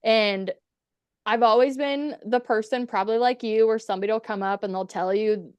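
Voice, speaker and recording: Woman on a podcast, swears a lot, does the voices in her stories, smooth clear voice, dry sound. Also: on the high side, fairly even intonation, normal speed, no echo, muffled recording. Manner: chatty, profane, acts out quotes. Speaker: podcast guest. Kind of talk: casual storytelling.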